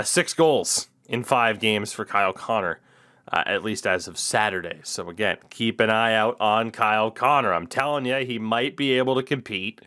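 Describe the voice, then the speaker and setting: Dude hosting a chill podcast, wry and opinionated, rambles a bit, medium pitch. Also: male voice, bright, forceful tone. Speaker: podcast host. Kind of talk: casual hockey podcast chat.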